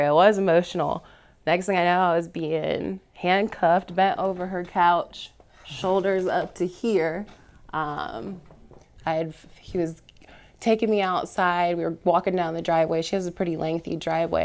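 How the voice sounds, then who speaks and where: Panel guest: woman, lowish voice, earnest storyteller who heats up as she retells. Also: moderate pace. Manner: earnest, builds from quiet to heated retelling. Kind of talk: personal story in a panel discussion.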